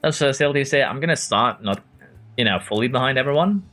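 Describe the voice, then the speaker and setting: A man's voice: mid-range voice, lively intonation, fairly quick, sharp tone, faint music behind. A man from Norway casually commenting on a racing management game while chatting with viewers. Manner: chatty, answers viewers by name, chuckles often. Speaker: game streamer. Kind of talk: casual gameplay commentary reading chat.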